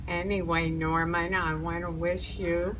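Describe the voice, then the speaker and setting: An older woman slowly recording a birthday greeting to a friend, with gentle pauses. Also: fairly low pitch, flat delivery, noisy background. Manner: slow, gentle, hesitant. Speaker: family friend.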